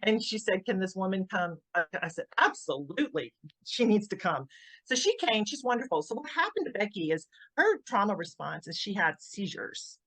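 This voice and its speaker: A middle-aged woman recounts a painful personal story in an interview, her voice sitting at an ordinary middle pitch. She halts, repeats words and restarts when she gets upset. The sound is dry and close, with no room around it. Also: very animated, moderate pace, fairly bright tone, husky, no room sound. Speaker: interview guest, grieving mother. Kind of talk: emotional personal account.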